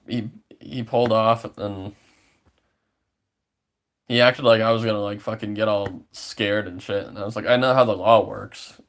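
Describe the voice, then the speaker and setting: Young man, lowish voice, rambling storytime rant full of swearing and fillers.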